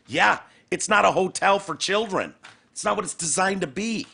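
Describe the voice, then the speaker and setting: Sarcastic profane podcast host, bright voice. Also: male voice, high-pitched, normal speed, vocal fry, slightly rough. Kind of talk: casual chat.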